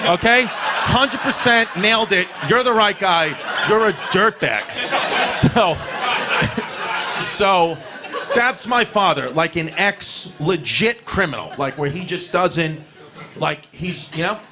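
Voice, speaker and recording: A male comedian with a New York accent tears through a profane, self-mocking story on stage. His voice sits a little high for a man, and the set is captured with a clearly audible crowd and room noise behind him. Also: expressive. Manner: brash, profane, self-mocking, fast rambling delivery with crowd laughter. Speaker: stand-up comedian.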